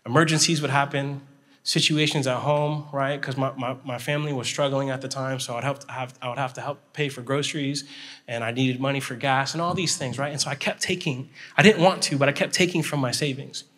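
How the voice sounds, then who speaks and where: A male pastor telling a story in a sermon, animated and checking in with his listeners as he goes. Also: medium pitch, a little fast. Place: chapel hall. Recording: long hall reverb.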